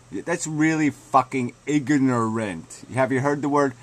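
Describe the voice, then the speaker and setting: A man's voice: mid-range voice, unhurried, few pauses. A man ranting angrily at a critic in a video reply, sarcastic and mocking, swearing constantly. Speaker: video blogger answering a critic. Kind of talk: profane angry rant.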